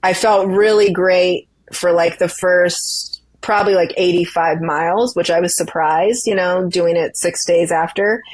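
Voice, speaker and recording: Chatty woman runner, low voice. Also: steady tone, measured pace, hardly any pauses, no echo. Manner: chatty storytelling, frequent laughter. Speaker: guest, ultra runner. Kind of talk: casual interview chat.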